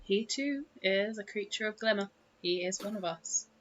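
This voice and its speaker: Woman voicing a calm, formal fey creature. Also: mid-range voice, moderate pace, lo-fi sound, a little hiss or hum, close to an everyday voice. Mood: serene. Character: gentle pink-eyed male fey creature. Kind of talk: tabletop game role-play.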